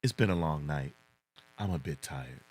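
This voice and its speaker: A man doing an impression of a cool, cocky male martial-arts movie fighter, with a slow, offhand, deadpan delivery. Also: a bass voice, slight background noise, voice pushed down.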